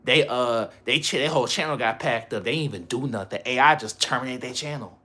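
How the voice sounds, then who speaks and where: Bright-voiced rambling male streamer. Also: medium pitch, a little fast. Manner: rambling, slangy, laughs often. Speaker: livestreamer. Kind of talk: casual livestream chat.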